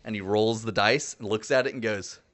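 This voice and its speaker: A man playing a tabletop game, describing his character's actions with animated energy. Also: on the low side, fairly quick. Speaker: player.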